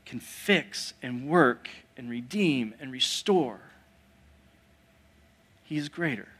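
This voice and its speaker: A male pastor preaching a sermon, moving between hushed asides and loud, emphatic declarations and putting rhetorical questions to the congregation. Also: medium pitch, expressive, slow pace, long pauses.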